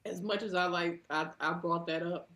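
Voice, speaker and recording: Quiet, soft-spoken woman co-host. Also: lowish voice, steady tone, moderate pace, rough recording. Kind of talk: casual chat on a live broadcast.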